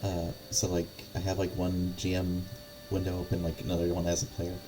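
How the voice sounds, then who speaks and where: A man's voice: deep voice, monotone, fairly quick, over music. A man running a tabletop game on a live stream, chatting casually with many fillers and small laughs. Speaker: game master.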